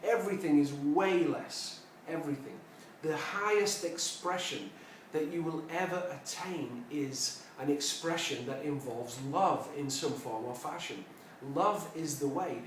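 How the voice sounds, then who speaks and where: A man's voice: a little high, a little slow, heavy reverb, recorded from a distance, a little hiss or hum, low-quality recording. A man giving a reflective personal development talk, telling a story and making his points with emphatic repetition. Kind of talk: reflective spoken talk to camera.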